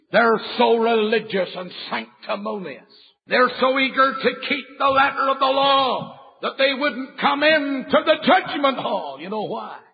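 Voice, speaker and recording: A man preaching a fiery sermon, swinging from quiet words to shouted appeals. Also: high voice, creaky, husky. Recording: dull recording in a reverberant hall.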